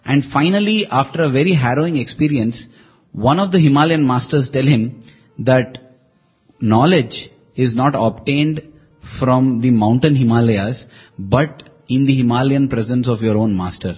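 Husky earnest man telling a devotional story. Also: medium pitch, normal speed, highs cut off. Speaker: devotional speaker.

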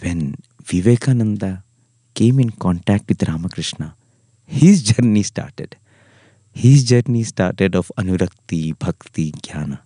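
A man with an Indian English accent, hosting a devotional podcast talk in an earnest, storytelling way, often trailing off softly. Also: low voice, lively intonation, unhurried, husky, dry recording, studio quality. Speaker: spiritual podcast host.

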